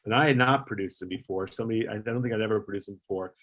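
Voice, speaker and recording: Animated man telling a backstage story. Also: lowish voice, rapid-fire. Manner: animated storyteller, acts out quoted voices, frequent fillers and swearing. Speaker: former talk show producer. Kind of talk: casual storytelling interview.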